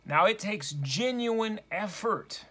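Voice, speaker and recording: High, bright-voiced male preacher. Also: expressive. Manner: slow, deliberate preaching with dramatic emphasis. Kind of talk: sermon.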